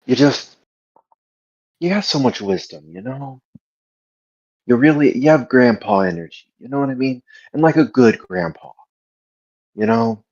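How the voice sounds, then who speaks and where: Playful, rambling player, husky voice. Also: medium pitch, lively intonation, measured pace, pauses often, darkish tone, muffled recording. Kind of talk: casual tabletop game chat.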